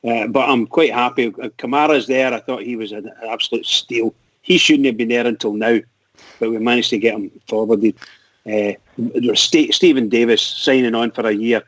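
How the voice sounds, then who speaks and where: A Scottish man chatting excitedly about football on a fan radio show, laughing a lot and tripping over his words. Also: mid-range voice, moderate pace, dry recording, low-quality recording. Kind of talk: casual football chat.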